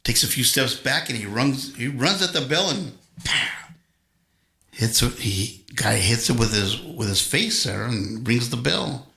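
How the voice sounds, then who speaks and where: A man's voice: medium pitch, lively intonation, unhurried, gravelly, sharp tone. A man chatting casually with his livestream viewers between songs, rambling and telling corny jokes. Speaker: livestream host and guitarist. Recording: roomy echo with faint guitar.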